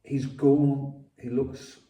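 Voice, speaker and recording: A man's voice: mid-range voice, level tone, extremely slow, mellow. Rambling, profane man in his 60s. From London. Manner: profane, repetitive, many restarts and coughs. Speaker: podcast guest. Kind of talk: rambling casual storytelling. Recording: roomy, distant mic.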